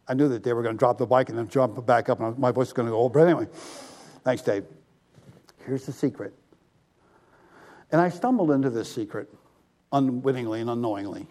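A male pastor preaching a sermon, animated and drawing the congregation to answer back. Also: mid-range voice, moderate pace, pauses often.

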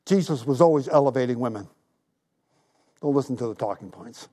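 A man's voice: mid-range voice, animated, a little fast, dark tone. A man in his sixties preaching a sermon, retelling a story with emphasis and making earnest appeals. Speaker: pastor.

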